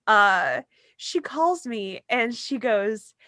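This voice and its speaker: Bright, chatty woman telling a story. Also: fairly high pitch, expressive, very slow, dry recording, studio quality. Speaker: podcast co-host. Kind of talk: casual chat.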